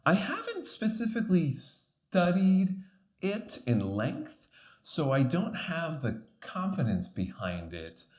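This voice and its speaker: A man's voice: fairly high pitch, wildly swooping pitch, slow. A young man from the New York area, a guest explaining voice technique in a casual interview, thinking aloud and laughing between points. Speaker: voice coach guest.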